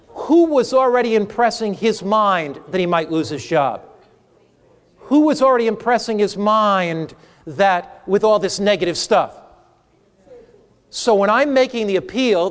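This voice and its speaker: A man, a pastor, teaching a sermon class and asking the audience questions. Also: high voice. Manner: animated, asks the audience questions. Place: hall with a live audience.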